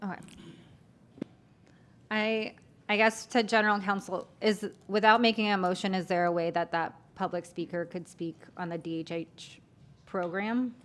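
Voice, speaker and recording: A woman's voice: medium pitch, fairly even intonation, moderate pace, fairly bright tone. A woman school board member asking direct questions and making a motion during a meeting.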